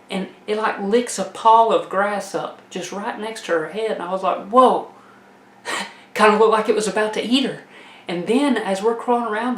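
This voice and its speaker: A woman telling a comic tale in a folksy, animated way, laughing as she goes. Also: mid-range voice, roomy sound. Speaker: storyteller. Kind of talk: comedic personal storytelling.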